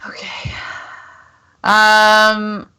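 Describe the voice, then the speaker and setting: A woman's voice: medium pitch, monotone, extremely slow, sharp tone, clean tone. A woman playing a tabletop game, chatty and hesitant, checking rules with lots of ums. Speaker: player. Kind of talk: casual tabletop play.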